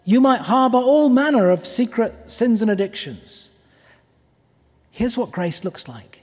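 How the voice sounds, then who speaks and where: A man preaching a sermon, earnest and pleading, often letting his voice drop softly on key words. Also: extremely high pitch, expressive, unhurried. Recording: long reverb of a large hall.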